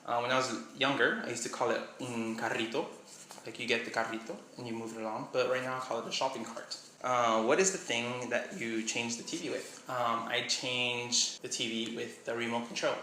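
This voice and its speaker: A man's voice: mid-range voice, fairly even intonation, brisk, hardly any pauses, pushed and bright. A young man from Miami, Florida, chatting casually in a vlog, rambling and doubting himself as he reads a list aloud. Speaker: vlogger. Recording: echoey room with faint hum.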